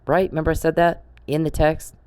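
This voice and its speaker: A woman's voice: deep voice, little pitch movement, a little fast, darkish tone, clear, resonant tone, dry recording. A middle-aged woman giving an angry monologue to camera, confrontational and sarcastic, swearing and firing off rhetorical questions. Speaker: vlogger.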